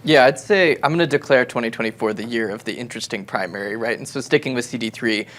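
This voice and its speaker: A man's voice: mid-range voice, fast talker, a bit bright. A man giving his views on a political panel, hedging with fillers and restarts as he talks. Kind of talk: panel discussion.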